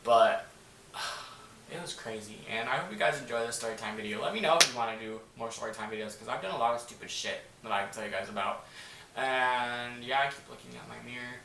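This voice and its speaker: Speaking a little fast in a creaky, medium-pitched voice, this man rambles through a to-camera story, heavy on "like" and profanity. The room is echoey, his voice comes from a distance, and there's faint background noise.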